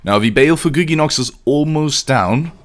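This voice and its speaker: A livestreamer playing a video game talks in an animated, higher-pitched voice at a normal pace. His casual commentary to viewers is full of jokes and profanity.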